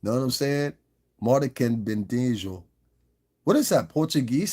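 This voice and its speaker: A man's voice: mid-range voice, big pitch swings, normal speed, a little mellow, slightly rough. A middle-aged man hosting an unscripted livestream, talking bluntly and with a lot of swearing straight to the viewers in his chat. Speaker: livestream host. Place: lives in Las Vegas.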